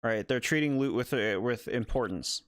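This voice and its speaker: A man's voice: mid-range voice, moderate pace, no echo, clean studio sound. A man streaming a game, giving casual let's play commentary and often laughing at what happens on screen. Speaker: gaming streamer.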